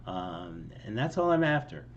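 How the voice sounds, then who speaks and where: A man's voice: fairly low pitch, sing-song, unhurried, highs cut off, slight background noise. A man talking casually through the lines of his own song, with lots of ums and restarts and a self-mocking tone. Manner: rambling and self-deprecating, with many ums and restarts, laughing now and then. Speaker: songwriter explaining his song. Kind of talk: casual line-by-line song breakdown.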